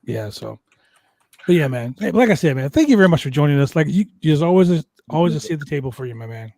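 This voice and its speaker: A man hosting a wrestling podcast, telling a road story with heavy swearing and lively energy. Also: on the high side, quick pace, gravelly, no room sound. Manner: animated, profane storyteller. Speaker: podcast host.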